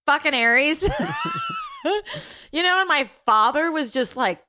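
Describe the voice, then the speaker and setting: Brief: middle-aged mom podcaster, higher voice that swings widely, animated and laughing, swears casually. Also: female voice, a little slow, background noise. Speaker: podcast co-host, mother. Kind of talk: casual chat.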